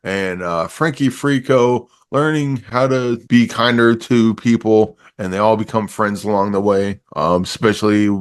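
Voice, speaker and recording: A man talking through a movie review in loose, rambling chat. His voice sits a little low, and he laughs a lot while he acts out scenes in quick voices. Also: smooth. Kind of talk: casual chat.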